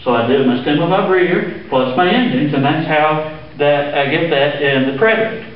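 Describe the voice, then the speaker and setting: A man's voice: fairly high pitch, normal speed. A man teaching a Spanish grammar lesson, patiently walking through examples with frequent "uh" fillers. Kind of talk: classroom lesson explaining grammar. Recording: echoey room, distant mic, dull sound.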